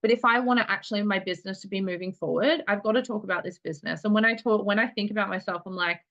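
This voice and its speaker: Team leader, female, bright crisp tone, chatty and fast, dull lo-fi recording. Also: mid-range voice. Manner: chatty, quick, peppered with filler words. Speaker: network marketing team leader. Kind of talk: casual team meeting talk.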